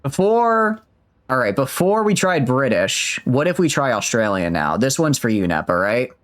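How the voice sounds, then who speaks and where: A man's voice: mid-range voice, sing-song, normal speed, a bit bright. Twenties guy streaming a game, chatty and all over the place, voice jumps up and down a lot. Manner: rambling, self-mocking, chatting with viewers. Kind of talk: casual gaming stream chat.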